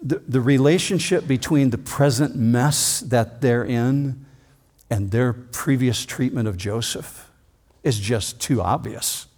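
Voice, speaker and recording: A man's voice: mid-range voice, darkish tone. Emphatic male preacher. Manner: emphatic, dramatic readings with slowed stressed phrases. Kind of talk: expository sermon.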